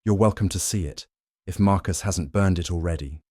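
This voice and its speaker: A man's voice: deep voice, normal speed, darkish tone, no echo, studio quality. A man voicing a bitter middle-aged rival collector who speaks with indignation.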